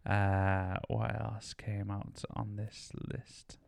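A man co-hosting a podcast, chatting casually, his lines often trailing off quietly. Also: lowish voice, level tone, very slow, vocal fry, dry recording. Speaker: podcast co-host. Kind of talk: casual chat.

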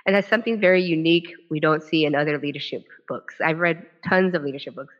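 A woman tells a personal story from the podium at a public event, acting out quoted dialogue as she goes. Her talk is lively and full of quick restarts. The recording sounds dull and lo-fi. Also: low voice. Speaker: author and former legislator giving a talk. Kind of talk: personal storytelling speech to a live audience.

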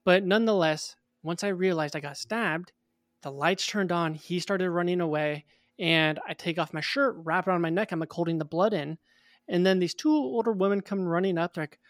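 A young man in his twenties, a guest in an interview, telling a personal story in a casual, animated way. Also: high-pitched, fairly quick, no room sound, clean studio sound.

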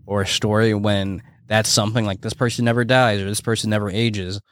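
A man's voice: on the low side, flat delivery, fairly quick, no echo, clean studio sound. A man co-hosting a podcast in loose casual chat, rambling with lots of "like" and swearing. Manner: rambling, heavy use of "like" and swearing. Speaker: podcast co-host.

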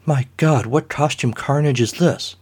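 A man's voice: unhurried, husky. A man voicing an eager, nervous young male detective in a comedic audio story. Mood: alarmed. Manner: eager, high and polite.

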